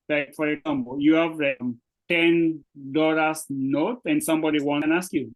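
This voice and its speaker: A man's voice: on the high side, fairly even intonation, normal speed, few pauses, low-quality recording. A man with a Kenyan accent teaching Swahili, explaining words patiently and encouraging his student, with lots of fillers. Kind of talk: patient one-on-one language lesson.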